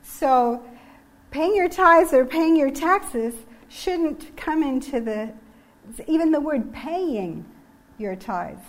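A woman's voice: sits high, animated, takes it slowly. A woman giving a sermon on generosity, earnest and emphatic, reading scripture passages from slides. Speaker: preacher.

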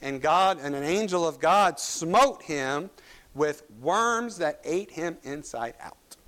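A man with a Kentucky accent preaching a sermon as pastor, animated, with emphatic rises and some fillers. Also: fairly high pitch, slow pace.

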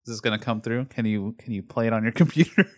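A man's voice: medium pitch, fast. A man making dry, wry remarks in casual podcast banter.

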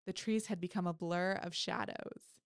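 A woman author reading her own horror story aloud, in a lively way, now and then correcting herself with a laugh. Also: on the low side, normal speed, clean tone, no room sound, clean studio sound.

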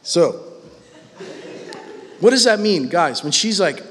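High-voiced guy preaching, jokey and self-deprecating, big echoey hall. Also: very animated, slow pace, pauses often. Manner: humorous, self-mocking, conversational. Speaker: pastor. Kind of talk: sermon.

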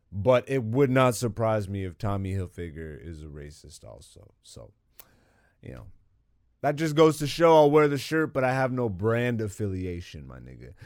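A man's voice: medium pitch, no room sound, clean studio sound. Goofy, profane man hosting a podcast. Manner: goofy, profane, riffing and joking. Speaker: podcast host. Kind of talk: casual comedic solo monologue. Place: studio. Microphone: studio microphone.

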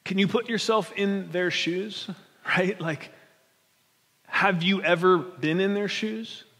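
Speaking slowly, this high-voiced pastor gives a lively, conversational sermon, often tripping over phrases and starting them again. His voice echoes with the long reverb of a big hall.

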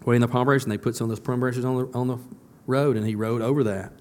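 A man's voice: fairly even intonation, fast talker. Man preaching a sermon. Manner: asks the congregation questions and answers them; builds to a louder, higher emphatic close. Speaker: pastor.

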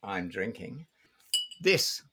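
A woman speaking in a put-on deep Cockney-sounding voice, chatting casually with hesitant repeats. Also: very animated, extremely slow, noisy background, heavily acted. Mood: bluff chatty. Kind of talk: casual podcast chat.

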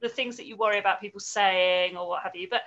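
A woman's voice: mid-range voice, steady tone, quick pace, a bit bright, highs cut off. A woman hosting a casual interview, talking conversationally and often checking in with tag questions. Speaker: interview host.

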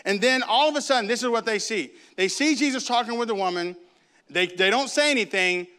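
Bright, animated male preacher. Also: sits high, fairly quick, smooth. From grew up in a Baptist church. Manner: animated storytelling, acts out voices. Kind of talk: sermon.

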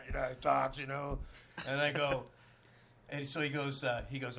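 A man's voice: mid-range voice, fairly even intonation, normal speed, gravelly, fairly bright tone, a little hiss or hum. A man, a guest actor, telling a rambling, profane anecdote full of "you know" in a podcast interview.

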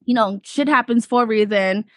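Bright, giggly, profane young woman. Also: a little high, moderate pace, no room sound, studio quality. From Spanish Harlem, New York. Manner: laid-back, profane, giggly chatter. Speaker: podcast co-host. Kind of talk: casual podcast chat.

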